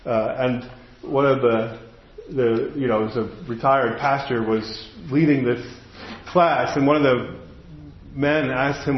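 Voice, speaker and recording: A middle-aged man preaching a sermon, telling a family story in a relaxed, conversational way with frequent asides and restarts. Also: mid-range voice, normal speed. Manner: conversational, anecdotal, self-interrupting with asides. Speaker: pastor. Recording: roomy, slightly dull sound.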